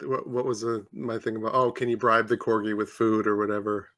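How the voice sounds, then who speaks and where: A man hosts a comedy podcast over a video call. He keeps things relaxed and joking, and he chuckles often as he talks. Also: lowish voice, a little fast, dry recording. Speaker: podcast host. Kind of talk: casual chat on a video call.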